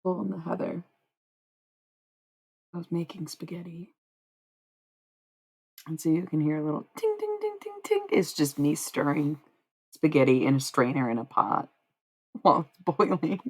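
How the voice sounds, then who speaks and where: A woman with a low, husky voice full of gravelly fry chats loosely on her livestream. She rambles, swears casually and lets her sentences trail off into "blah, blah" filler. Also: normal speed, long pauses. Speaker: livestream host.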